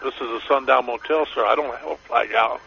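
A man's voice: mid-range voice, steady tone, brisk, gravelly, pushed and bright. A man working as a motel clerk, heard over the phone, repeating himself as he insistently invites the caller down. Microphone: phone line. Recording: muffled phone line.

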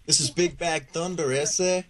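A man's voice: fairly high pitch, fairly even intonation, unhurried, a loud crowd. A man jeering and laughing along as his friend makes a prank call.

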